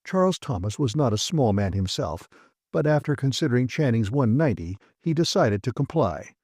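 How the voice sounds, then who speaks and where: A man reading a classic science fiction audiobook with brisk, vivid storytelling. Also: medium pitch, big pitch swings, a little mellow, no echo, studio quality. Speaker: audiobook narrator. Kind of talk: scripted narration.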